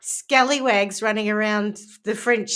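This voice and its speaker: A woman co-hosting a podcast in casual chat, playful and quick to joke. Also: medium pitch, fairly even intonation, fairly bright tone, clear, resonant tone. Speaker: podcast co-host.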